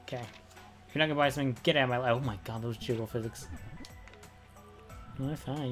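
Brief: casual male streamer, mid pitch, chatty, swears, faint game music behind. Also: fast talker, long pauses. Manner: excitable, repeats phrases, swears freely. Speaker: gaming streamer. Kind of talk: casual gameplay commentary.

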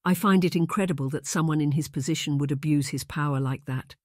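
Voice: medium pitch, quick pace, darkish tone, no echo, natural voice. A narrator playing a timid young lady who is easily hurt, in a plaintive, slightly raised voice. It sounds close and dry, read as an audiobook character.

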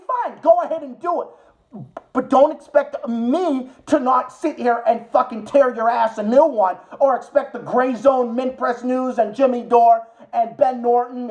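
A young man delivering an angry late-night political rant, swearing heavily, repeating himself, and mocking his opponents with sarcasm. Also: extremely high pitch. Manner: profane, aggressive, repetitive, sarcastic. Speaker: political commentator.

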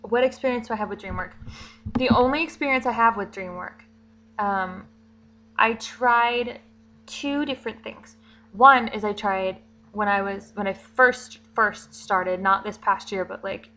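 A woman's voice: medium pitch, unhurried, pushed and bright, a little hiss or hum, poor audio. A young woman vlogging casually, chatty and rambling, with fillers and little giggles. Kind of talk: casual vlog monologue.

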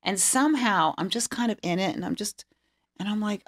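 Brisk and mid-range in pitch, a middle-aged interior designer chats through stories in an interview. She's an animated storyteller who plays out the quoted dialogue.

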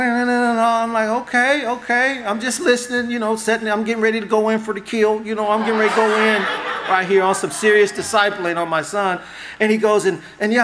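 A man preaching a sermon as pastor, conversational and animated, acting out little dialogues for the congregation. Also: high voice, normal speed, a little hiss or hum. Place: church hall.

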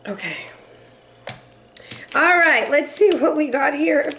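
Sassy high-voiced woman reading tarot. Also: animated, slow pace, fairly bright tone, a little hiss or hum. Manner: sassy, playful, laughs often. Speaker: tarot reader.

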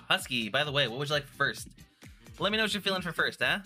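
Bright, playful male streamer. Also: a little high, lively intonation, brisk, faint music behind. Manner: chatty and playful, rambling with restarts. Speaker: vtuber streamer. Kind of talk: casual live-stream chat.

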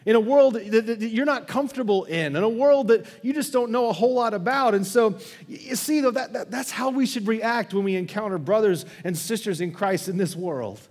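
A male pastor preaches in a casual, storytelling way, stumbling and restarting as he builds his point. His voice sits high for a man. The sound carries a long reverb from a large church sanctuary. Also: brisk, a little mellow. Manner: conversational storytelling with repeated restarts. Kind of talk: sermon.

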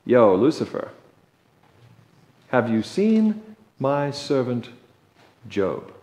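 A preacher voicing a sarcastic God. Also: male voice, medium pitch, big pitch swings, drawn-out words, a little mellow, pitched below the performer's own voice. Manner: dry, sarcastic challenges. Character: God, a sarcastic, commanding male ruler. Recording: echoey church sanctuary.

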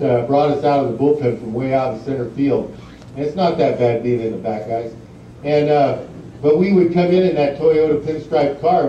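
A man's voice: medium pitch, warm tone, slight background noise. A middle-aged man giving a speech full of rambling anecdotes, with many fillers, laughing at his own stories. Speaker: guest speaker at an induction ceremony. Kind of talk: storytelling speech. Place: large banquet hall. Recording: distant, muffled, echoey hall recording.

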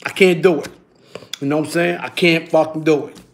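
High-voiced animated man in his fifties. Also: a little fast, vocal fry. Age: 50s. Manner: animated, keeps adding "you heard?". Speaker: YouTube streamer. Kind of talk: casual storytelling.

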